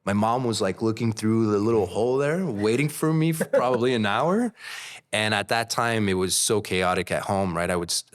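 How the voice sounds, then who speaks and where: A man in his thirties, a podcast guest, telling a personal story in casual talk, candid and animated, acting out the voices of others. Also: on the low side, normal speed.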